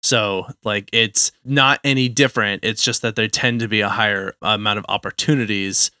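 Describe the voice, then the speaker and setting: A man's voice: lowish voice, steady tone, normal speed, pushed and bright, no echo, clean studio sound. A man from the western United States, co-hosting a podcast, explaining health topics in careful casual talk with frequent restarts. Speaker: podcast co-host.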